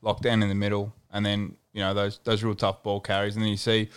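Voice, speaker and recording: A man co-hosting a sports podcast, giving even, casual analysis. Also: lowish voice, brisk, smooth. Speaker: podcast co-host.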